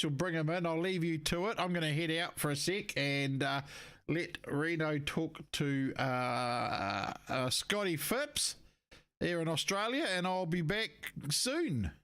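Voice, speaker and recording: A man co-hosting a casual chat, brisk and friendly. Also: a little high, a bit bright. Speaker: podcast co-host.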